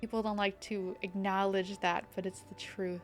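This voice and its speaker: A woman's voice: mid-range voice, level tone, normal speed, soft background music. A young woman chatting casually while streaming a game, thinking aloud and greeting viewers. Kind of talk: casual live-stream chat.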